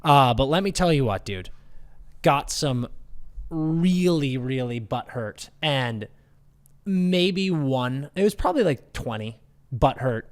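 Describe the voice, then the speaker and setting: A man's voice: medium pitch, lively intonation, slow pace. A man co-hosting a hockey podcast, telling a story in a profane, ranting, casual way. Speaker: podcast co-host. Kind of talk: casual chat.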